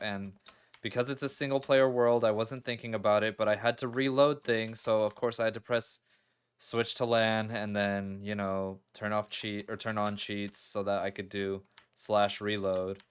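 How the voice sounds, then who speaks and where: This lowish, steady male voice moves at a moderate pace with a clean tone. He's a gaming video creator giving casual let's-play commentary on a building game. He speaks straight to viewers, exclaiming and laughing easily.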